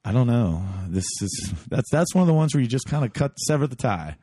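Animated swearing man telling a story. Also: medium pitch, fairly quick, breathy edge, no room sound, studio quality. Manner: animated, swears constantly, acts out quotes. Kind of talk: crude casual storytelling.

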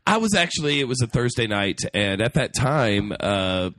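A man's voice: mid-range voice, very animated, moderate pace, fairly bright tone. A man co-hosting a podcast in casual chat, teasing his friends and telling a story. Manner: teasing, wisecracking. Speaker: podcast co-host.

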